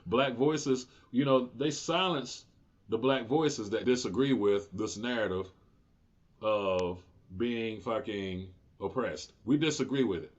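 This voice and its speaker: A man in his forties with a medium-pitched voice runs his own political commentary show, and the recording has its highs cut off. Unscripted and profane, he gets heated and frequently breaks into indignant outbursts.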